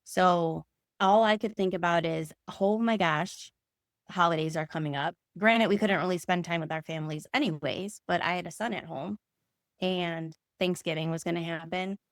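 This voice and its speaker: A woman's voice: on the low side, moderate pace, no room sound, clean studio sound. A woman, a podcast guest, earnestly telling her personal story in conversation and acting out remembered dialogue.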